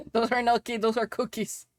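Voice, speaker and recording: A woman's voice: a little high, big pitch swings, normal speed, no room sound, studio quality. A woman with a Spanish accent chatting casually on a live stream while she works, giggly and swearing playfully. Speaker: VTuber streamer and model rigger.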